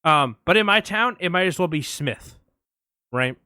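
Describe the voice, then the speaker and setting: A man co-hosting a casual movie podcast, telling stories in an animated way, swearing often and acting out quotes. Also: on the high side, normal speed, smooth, no echo, clean studio sound. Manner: animated storyteller, swears a lot, acts out quotes. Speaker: podcast co-host.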